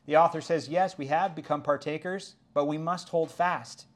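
A man's voice: a little high, steady tone, moderate pace. A middle-aged man preaching a sermon as pastor, earnest and rising to emphatic exclamations.

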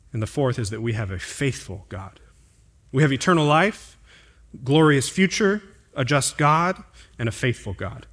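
A male pastor preaching a sermon, climbing to emphatic, higher-pitched stresses on key points and dropping low and quiet for asides and scripture references. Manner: drops to a quieter, lower tone for asides and reading references.

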